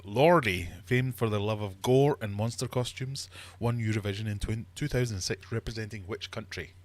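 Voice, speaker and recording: Brief: male livestream quizmaster, lowish voice, playful and teasing, fish room. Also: moderate pace. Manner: playful, teasing, mock-uppity. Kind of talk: live-streamed quiz chat.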